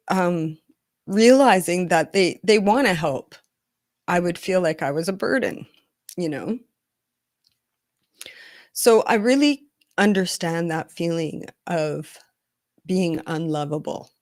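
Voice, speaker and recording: Earnest woman intimacy coach for a candid confessional vlog, fairly low-pitched, recorded dry and close. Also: dry recording. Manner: candid, earnest, with frequent restarts. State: emotional, close to tears.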